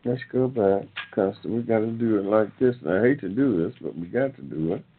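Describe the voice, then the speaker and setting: A man's voice: on the low side, lively intonation, a little fast, breathy edge. An older man hosting an online talk show, rambling casually in a folksy way and calling his listeners y'all, with an African American English accent. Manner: folksy, addresses listeners as y'all, many fillers. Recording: tinny phone-line sound.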